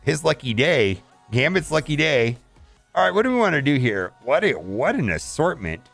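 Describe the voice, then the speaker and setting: A man's voice: a little high, sing-song, normal speed, vocal fry, a bit bright, faint music behind. A man casually commenting on a mobile game as he plays, thinking aloud and often saying "all right".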